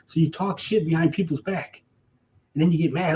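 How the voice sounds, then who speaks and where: A man's voice: on the high side, fairly quick, darkish tone, low-quality recording. A man delivering a heated, profane callout rant to camera, repeating himself and mocking his target. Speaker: streamer.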